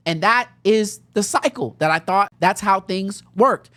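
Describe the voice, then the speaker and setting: A woman's voice: mid-range voice, a little slow, no room sound. A young adult woman hosting a podcast, telling a personal story in a conversational way with bursts of laughter. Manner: animated, conversational, laughs while telling stories. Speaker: podcast host.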